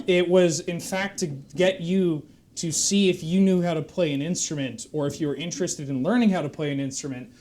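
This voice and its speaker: A man's voice: fairly high pitch, darkish tone, lightly acted. A man doing a rambling humanoid horse. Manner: rambling, long-winded. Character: laid-back male humanoid horse guitarist.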